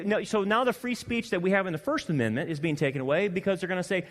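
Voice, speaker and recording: A male pastor preaching a sermon, animated and swinging between loud emphasis and quiet asides. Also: high voice, quick pace, few pauses, long reverb tail. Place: church hall.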